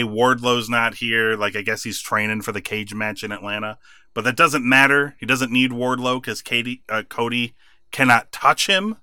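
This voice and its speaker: A man's voice: mid-range voice, pushed and bright, no echo, clean studio sound. A man co-hosting a podcast, animatedly recapping a wrestling show in casual chat and laughing often. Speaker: podcast co-host.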